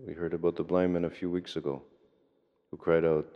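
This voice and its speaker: A man preaching a sermon as a monastic priest, in a measured, earnest way with slowed emphasis. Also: sits low, level tone, dark tone. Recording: long reverb, dull lo-fi sound.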